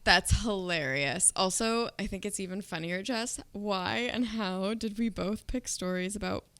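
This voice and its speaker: A woman's voice: medium pitch, unhurried, clear, resonant tone. A woman co-hosting a podcast, chatting casually and telling funny stories with frequent laughter. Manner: animated storyteller, laughing often. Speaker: podcast co-host. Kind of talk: casual chat.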